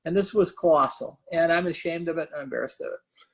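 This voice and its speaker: A man's voice: fairly high pitch, fast talker, breathy edge, poor audio. A man, a company founder and CEO, talking candidly and personally in a webinar conversation, filling gaps with "you know" and "right?".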